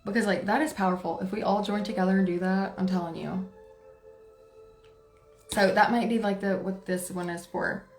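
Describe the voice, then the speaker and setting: A woman giving a casual tarot reading to camera, talking in a forceful, excitable way and laughing often. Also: medium pitch, normal speed, long pauses. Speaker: tarot card reader. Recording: roomy echo, faint music behind.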